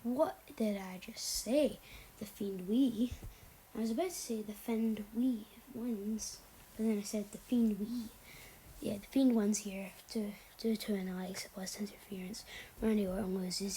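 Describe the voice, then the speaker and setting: A woman's voice: medium pitch, fairly even intonation, moderate pace, dark tone, a little hiss or hum, low-quality recording. A young woman casually rambling through wrestling predictions, often sliding into a whisper, blunt and offhand. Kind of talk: casual chat.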